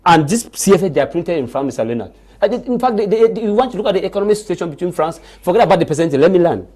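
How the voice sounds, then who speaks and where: A man's voice: high-pitched, expressive, very fast, mellow. A man, arguing emphatically as a panelist on a live TV debate and repeating words when pressed.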